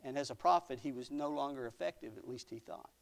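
A man's voice: mid-range voice, quick pace, creaky. A man preaching a sermon, reading old scripture aloud and adding folksy asides, dropping to a near whisper at times. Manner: dramatic swings from loud to near whisper; folksy asides with small laughs.

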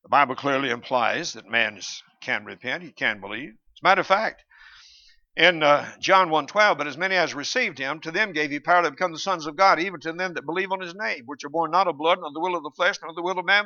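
A man's voice: a little high, sharp tone. A man preaching a sermon, arguing his points emphatically and quoting scripture, with his volume rising and falling. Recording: dull lo-fi recording.

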